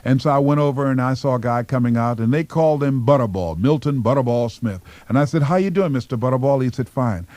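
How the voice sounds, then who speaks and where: Deliberate, dry-voiced motivational speaker man. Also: medium pitch, darkish tone, dry recording. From Miami, Florida, US. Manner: slow, deliberate, emphatic phrasing. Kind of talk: motivational storytelling speech.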